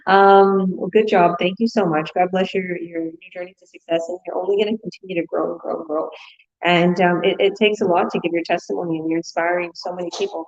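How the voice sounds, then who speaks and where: A woman's voice: lowish voice, a little fast, a little mellow, muffled recording. Effusive chatty woman webinar host. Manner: chatty, effusive, many fillers. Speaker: business coach hosting a webinar. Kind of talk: live webinar chat.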